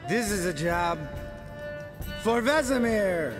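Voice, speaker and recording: A man's voice: high-pitched, lively intonation, takes it slowly, over music. An actor playing a brash, sarcastic male witcher who is drunk, mocking and quarrelsome. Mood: rowdy shouting.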